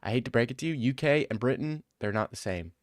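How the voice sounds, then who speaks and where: A sarcastic male streamer answers his chat in a mocking, offhand way. His voice has a middle pitch and a dry, close sound. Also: lively intonation, fast, no echo. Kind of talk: casual livestream chat.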